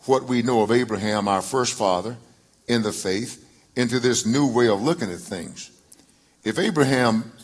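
Husky pastor reading scripture. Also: male voice, medium pitch. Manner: reads scripture in a folksy drawl with rising emphasis.

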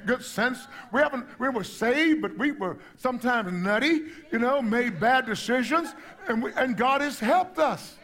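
A man's voice: very high-pitched, animated, measured pace, a bit bright. A pastor preaching a sermon, emphatic, climbing to exclamations and repeating his words as he goes.

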